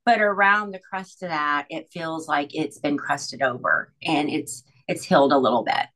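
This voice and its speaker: A middle-aged woman telling an emotional personal story as an interview guest, earnest and halting, with many restarts. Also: sits low, a bit bright, poor audio. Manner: earnest, halting, full of "you know" and restarts.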